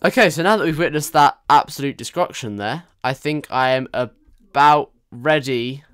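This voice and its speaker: Smooth-voiced young man streaming. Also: mid-range voice, moderate pace, fairly bright tone, dry recording, studio quality. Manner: chatty, jokey, talks to viewers. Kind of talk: live stream game commentary.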